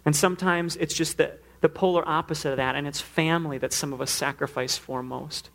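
A man's voice: a little high, steady tone, a little fast, vocal fry, fairly bright tone. A man preaching a sermon, earnest, now and then acting out the pleas he quotes. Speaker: pastor.

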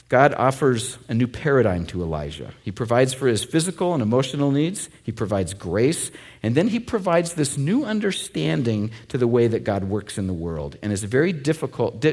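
A man's voice: mid-range voice, a little mellow. A man preaching a sermon to a congregation in a conversational way, with asides and jokes. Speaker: pastor.

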